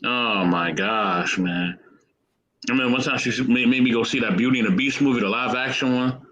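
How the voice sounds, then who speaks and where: A man with a bright, forward tone tells a story in an easygoing, rambling way. He talks casually and chuckles now and then. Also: mid-range voice, brisk, lo-fi sound. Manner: laid-back, rambling, chuckling. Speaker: panel guest.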